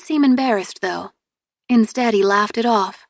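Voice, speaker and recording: A woman narrating a novel in the first person, with clear, steady storytelling. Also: medium pitch, measured pace, no echo, clean studio sound. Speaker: audiobook narrator.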